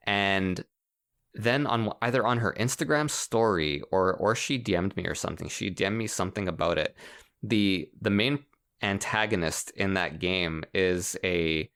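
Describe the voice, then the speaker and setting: A man co-hosting a casual podcast, explaining a game in an animated way and laughing often. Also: lowish voice, clean tone. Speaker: podcast co-host. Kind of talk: casual chat about video games.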